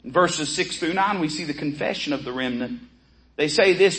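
High-voiced man teaching scripture. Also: moderate pace, fairly bright tone, rough recording. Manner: earnest, reads scripture aloud with rising pleading emphasis. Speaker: Bible course teacher. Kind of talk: Bible teaching with scripture reading.

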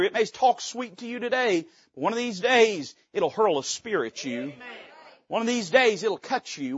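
A middle-aged man, a pastor preaching a sermon from the pulpit, swinging from loud, rising climaxes to hushed, low lines. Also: husky, dry recording, lo-fi sound. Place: church sanctuary.

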